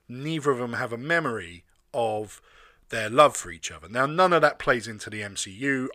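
A man's voice: medium pitch, bright, forceful tone, no echo, studio quality. A man giving a casual, rambling spoken film review with asides and restarts.

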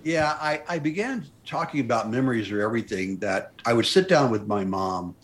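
A man's voice: mid-range voice, moderate pace. Storytelling older man in podcast chat. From United States. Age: 60s. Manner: storytelling, animated quoting. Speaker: podcast guest, mountaineer. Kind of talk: casual interview chat.

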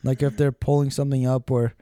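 A man's voice: mid-range voice, fast talker, dry recording. Casual young man chatting, dry close sound. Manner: relaxed, skeptical, filler-heavy. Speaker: podcast co-host. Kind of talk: casual chat.

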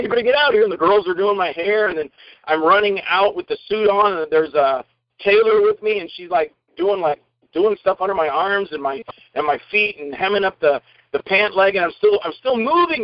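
A man telling anecdotes from film shoots in an interview, acting out the people he quotes with lively, changing voices. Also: high-pitched, a little fast, dry recording, dull audio. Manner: animated, acts out quoted lines in varied voices. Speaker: actor and interview guest.

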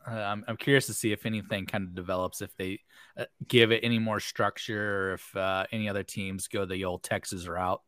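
A man's voice: fairly low pitch, flat delivery, fairly quick, a bit bright, clear, resonant tone, no room sound. A man co-hosting a casual sports podcast, dropping dry, wry quips.

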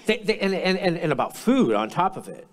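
Slightly high-voiced man pastor preaching. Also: big pitch swings, a little fast. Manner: conversational, repeats himself in restarts. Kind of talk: sermon. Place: church.

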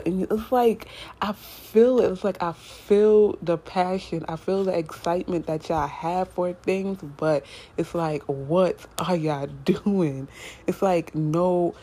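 A woman's voice: fairly low pitch, mellow, slightly rough. A young adult woman giving a casual tarot reading to her viewers, chatty and repetitive, talking straight to them as y'all. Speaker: tarot reader.

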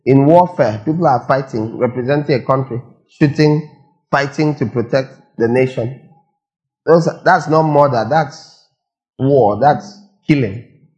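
A man's voice: mid-range voice, measured pace, darkish tone, dull audio. A man preaching a sermon, firing rhetorical questions and repeating lines for emphasis. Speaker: pastor.

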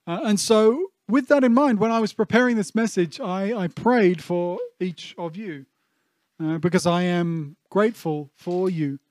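A man in his thirties preaches a sermon with a high, bright-sitting voice. He speaks earnestly and from the heart, with plenty of ums and restarts. The sound is dry and close, with no room echo. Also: a little slow. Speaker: pastor.

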